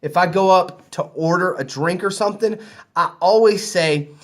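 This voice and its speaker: A man with a Southern US accent chats to camera in a loose, rambling way, his voice sitting a little high. He sounds easygoing and conversational, like he is talking to friends from a hotel room. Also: normal speed. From American South. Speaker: vlogger. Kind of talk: casual storytelling to camera.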